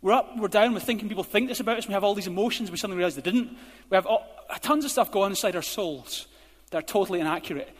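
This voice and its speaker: High-voiced pastor preaching emphatically. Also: male voice, racing, hardly any pauses. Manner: emphatic, rising to forceful exhortation. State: out of breath. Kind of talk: sermon. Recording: hall reverb.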